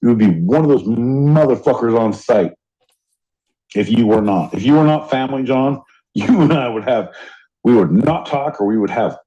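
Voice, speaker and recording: A podcast co-host in casual chat, this man speaks at a medium pitch with an expressive, dark tone and a moderate pace. He's heated, swearing freely as he rants, and the audio is dull and lo-fi.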